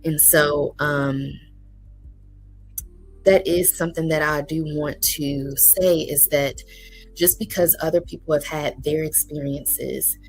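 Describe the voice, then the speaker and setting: Low-voiced earnest woman therapist. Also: steady tone, takes it slowly, low-quality recording. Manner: earnest, encouraging, many ums. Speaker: therapist guest. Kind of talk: casual interview talk. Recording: faint music underneath.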